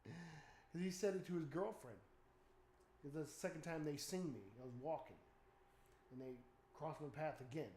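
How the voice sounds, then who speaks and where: Animated, excitable man in an echoey room. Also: a little high, moderate pace, pauses often, slight background noise. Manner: animated storytelling with loud startled exclamations and swearing. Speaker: streamer. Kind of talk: casual chat. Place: home room.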